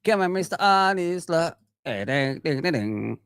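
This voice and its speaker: A man hosting a fan channel, chatting casually and at length, animated and rambling with lots of fillers. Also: on the high side, unhurried, slight background noise. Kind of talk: casual live reaction chat.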